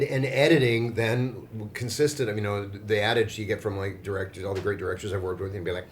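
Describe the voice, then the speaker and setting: A man from Australia, a voice actor being interviewed at a fan convention, telling stories in a playful, joking way with deadpan dark humor. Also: fairly low pitch, brisk, hardly any pauses. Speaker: voice actor guest.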